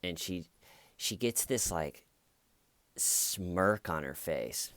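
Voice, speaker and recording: A man's voice: low-pitched, animated, fairly bright tone, no room sound. A man giving a casual, wry commentary monologue, now and then mocking the people he quotes. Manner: slow, wry, acts out quotes in mocking voices. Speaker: commentary vlogger.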